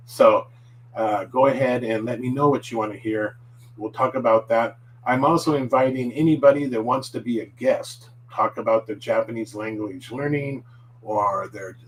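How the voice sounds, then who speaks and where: A man talks through a relaxed live-stream lesson, rambling and filling pauses with "uh" and "um". He sits a little back from the mic, and a faint hum runs underneath. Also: mid-range voice, recorded from a distance, poor audio. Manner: rambling, filler-heavy, chatty. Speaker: Japanese language teacher.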